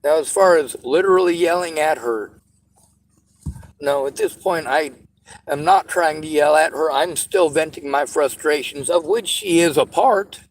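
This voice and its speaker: Brief: frustrated male vlogger, ranting, slightly high voice. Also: measured pace, low-quality recording. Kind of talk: venting commentary.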